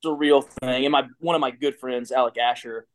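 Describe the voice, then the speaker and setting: A man's voice: mid-range voice, fairly even intonation, normal speed. Rambling man telling a story. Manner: rambling, many restarts and fillers. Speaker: guest, former pitcher. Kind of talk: casual storytelling.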